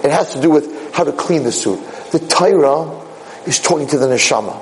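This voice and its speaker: A man giving a casual, animated Torah talk, telling a parable with quick asides. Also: a little high, slight background noise, low-quality recording. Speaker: rabbi lecturer.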